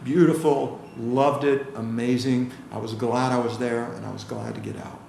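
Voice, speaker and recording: A man's voice: medium pitch, moderate pace, creaky. An American man, a chiropractor, telling stories in a casual interview, acting out the voices of the people in them. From United States. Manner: animated storyteller, acts out quoted voices. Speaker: chiropractor guest. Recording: roomy with faint ambient noise.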